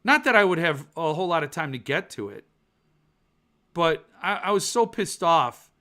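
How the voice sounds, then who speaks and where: A male podcast host ranting excitedly about books, swearing when annoyed and reading viewer comments aloud. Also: on the high side. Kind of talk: ranting book-talk livestream.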